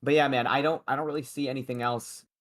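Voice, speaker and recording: A man's voice: medium pitch, steady tone, fast, fairly bright tone. A young man hosting a sports betting livestream, chatting loosely and joking with his co-host and the chat.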